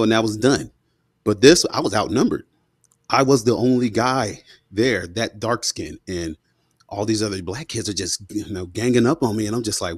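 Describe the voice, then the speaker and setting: A man's voice: lowish voice, no echo, studio quality. A man in his thirties, a podcast guest, telling stories in a casual, slangy way and acting out the quotes. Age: 30s. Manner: animated, slangy, acts out quotes. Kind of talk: casual storytelling in an interview. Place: studio.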